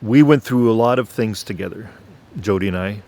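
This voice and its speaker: A man telling his faith testimony on his own channel in an earnest way, clearing his throat at times. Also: lowish voice, warm tone. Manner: slow, earnest, preacher-like. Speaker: channel host.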